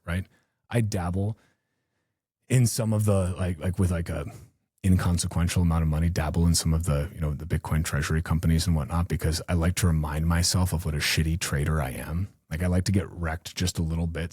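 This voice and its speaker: A man's voice: sits low, mellow, slightly rough, dry recording, studio quality. A man hosting a podcast, rambling in a casual, profane and self-mocking live-stream monologue. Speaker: podcast host.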